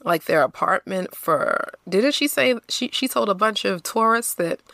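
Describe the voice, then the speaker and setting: Brief: woman co-host, bright tense tone with fry, blunt and slangy, dry mic. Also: mid-range voice, measured pace, no room sound. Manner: animated, blunt, slangy, laughs often. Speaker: podcast co-host. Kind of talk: casual chat recapping a TV episode.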